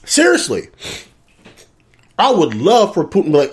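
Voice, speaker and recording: A man's voice: sits high, huge pitch swings, normal speed. A man hosting a comedic political rant, profane and laughing often. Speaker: commentary show host.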